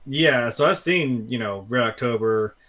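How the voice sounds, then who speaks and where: A man co-hosts a casual film review chat in a relaxed, hesitant way. He leans on fillers as he gathers his thoughts, at an ordinary middle pitch. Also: unhurried. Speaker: co-host.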